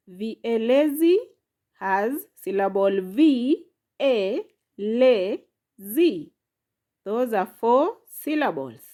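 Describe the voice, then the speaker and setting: A woman in a language lesson talks very slowly and patiently. She repeats each word and sounds out its syllables one by one. Her voice sits a little high. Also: a little mellow. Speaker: language teacher. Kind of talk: slow, patient classroom lesson.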